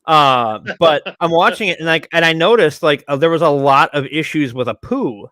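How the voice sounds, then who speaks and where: A man's voice: a little high, moderate pace, sharp tone, no room sound. A man hosting a podcast, chatting casually with blunt, crude jokes. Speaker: podcast host.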